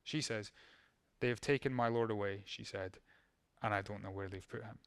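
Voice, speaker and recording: A man's voice: fairly low pitch, fairly even intonation, moderate pace, a bit bright, clean tone. A male pastor preaching a sermon in a conversational way, reading verses and acting out how they might sound.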